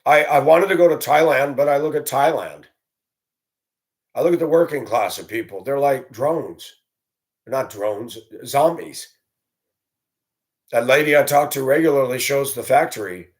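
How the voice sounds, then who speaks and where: A man's voice: medium pitch, unhurried, long pauses. A man vlogging alone, speaking in a blunt, indignant, ranting way. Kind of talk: solo opinion monologue.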